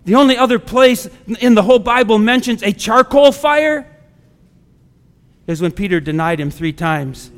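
A man's voice: high voice, expressive, moderate pace, a bit bright. A male pastor preaching a sermon in a conversational way, now and then acting out the people he quotes, recorded in a church sanctuary. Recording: long hall reverb.

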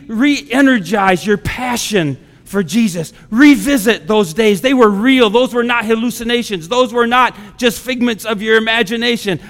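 In an echoing church sanctuary, a high-voiced man delivers a sermon. The pastor keeps his preaching conversational and gives voice to the people he quotes.

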